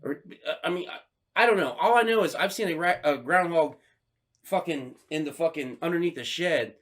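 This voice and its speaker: A man co-hosting a casual podcast chat, swearing freely and acting out his own story with loud outbursts. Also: on the high side, normal speed. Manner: animated storyteller, swears a lot, acts out his own lines loudly. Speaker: podcast co-host.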